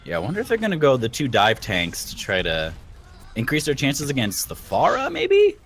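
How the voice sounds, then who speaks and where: A man giving relaxed, chatty color commentary during a live esports match. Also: medium pitch, fairly quick, faint music behind.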